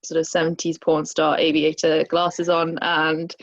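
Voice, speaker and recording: A woman's voice: sits low, completely flat delivery, unhurried. A woman in her twenties describing herself to the group on a video call, hesitant and self-mocking. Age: 20s. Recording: dull lo-fi video call audio.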